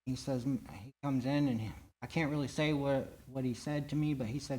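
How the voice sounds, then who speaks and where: A man giving his personal recovery testimony at a church meeting, speaking in an earnest, halting way with frequent restarts. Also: medium pitch, steady tone, darkish tone.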